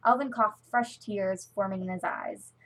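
A woman's voice: medium pitch, steady tone, unhurried, low-quality recording. A woman casually reading a fan story aloud into a computer mic, often stumbling and correcting herself. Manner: chatty, stumbling, self-correcting. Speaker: fan-fiction reader.

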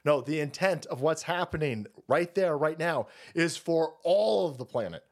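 A man hosting a livestream, delivering a profane, rambling rant in fast bursts of casual commentary. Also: on the high side, expressive. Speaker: streamer host.

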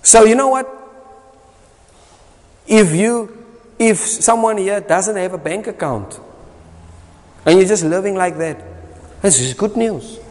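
A South African man delivers a sermon in a somewhat high voice, driving each point home through repetition. He swings between loud bursts and quiet asides, and his words ring out with the long reverb of a church hall. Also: takes it slowly, pauses often. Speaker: preacher.

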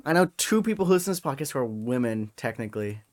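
A man's voice: mid-range voice, big pitch swings, rapid-fire. A young man co-hosting a podcast in casual chat, teasing and crude, laughing often. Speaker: podcast co-host.

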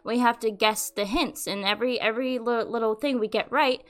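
A young adult woman hosting a podcast, telling a rambling, animated story in casual chat and swearing freely. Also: fairly high pitch, brisk. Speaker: podcast host.

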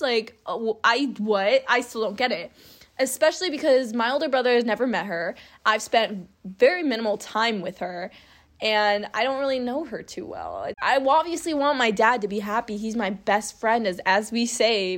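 Young woman, candid and emotional, slightly high voice, vlog confession style. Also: lively intonation, moderate pace. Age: young adult. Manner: candid, emotional, laughs while telling. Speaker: vlogger. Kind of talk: personal storytime.

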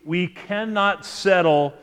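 A pastor preaching a sermon in a measured way, often repeating words as he restarts a phrase. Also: high-pitched, fairly bright tone, clean tone, long reverb tail. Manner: measured preaching with frequent word repetitions and restarts. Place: church sanctuary.

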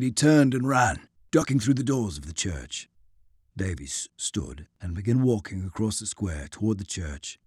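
A male audiobook narrator reads with dramatic, lively swings of pitch. His voice is slightly husky, recorded close and dry. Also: no room sound. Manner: dramatic, expressive reading. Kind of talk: scripted narration.

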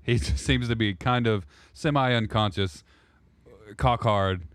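Low, clear-voiced male game master. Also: takes it slowly, a bit bright, no room sound. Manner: loose, rambling narration with self-corrections. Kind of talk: narrating a role-play podcast.

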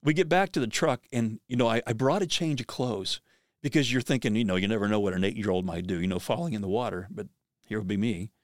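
A man's voice: on the low side, fast, no room sound, studio quality. A middle-aged man hosting a podcast, telling a personal story in an earnest, vivid way that often restarts sentences.

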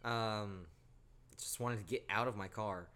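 Speaking at a measured pace, the young man's fairly low voice leads his podcast through a spooky story from his own life. The retelling is casual, animated and thick with swearing.

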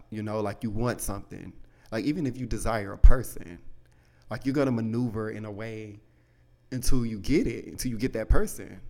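A man's voice: fairly low pitch, gravelly, darkish tone. A man hosting a podcast, telling a personal story in a candid, rambling way full of "like" and "you know", with casual swearing. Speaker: podcast host.

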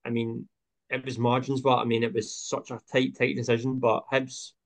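A man's voice: medium pitch, little pitch movement, normal speed, creaky. A man hosting a casual football podcast, talking with many hesitant fillers. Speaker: podcast host.

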